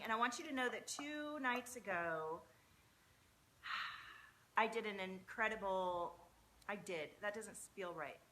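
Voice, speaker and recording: A woman hosting a live tarot stream, talking in an effusive, breathy, spiritual way in a large high-ceilinged room. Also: slow pace, long pauses, sharp tone. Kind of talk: casual live-stream chat. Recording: muffled, echoey room sound.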